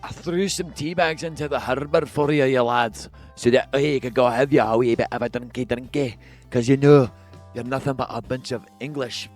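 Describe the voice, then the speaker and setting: A man doing a loud drunk brawler. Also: medium pitch, steady tone, normal speed, faint music behind, pitched above the performer's own voice, lightly acted. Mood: mocking. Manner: heckling, taunting. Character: rowdy drunk Scottish male pub brawler.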